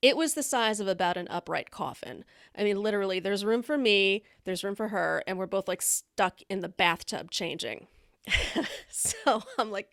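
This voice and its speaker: A woman hosting a live stream, chatting casually and telling candid stories. Her voice has a gravelly, fry-laden texture at a middling pitch. She is blunt and laughs often, and the sound is dry and close. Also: lively intonation, normal speed, a bit bright, dry recording. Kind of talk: casual storytelling chat.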